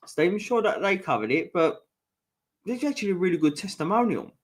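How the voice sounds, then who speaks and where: A man's voice: high voice, sing-song, a little fast. A man from East London with a Cockney accent, rambling casually on a fan livestream and reading out the chat. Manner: rambling, chatty, frequent restarts, swears casually. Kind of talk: casual live stream chat.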